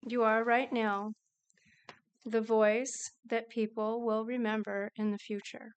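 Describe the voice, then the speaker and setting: A woman giving a prepared public comment at a meeting, measured and earnest. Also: on the high side, smooth. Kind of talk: prepared statement at a council meeting.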